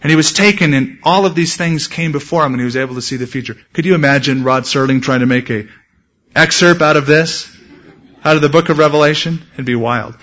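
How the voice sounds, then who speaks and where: Male pastor, fairly high voice, animated sermon delivery, dull lo-fi recording. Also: fairly quick. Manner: animated storytelling, shouts acted quotes. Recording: dull lo-fi sound.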